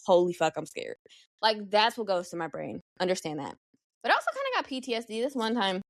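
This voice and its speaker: A young woman hosting a casual solo podcast, animated and slangy, swearing freely as she talks. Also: mid-range voice, dry recording, clean studio sound. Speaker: podcast host.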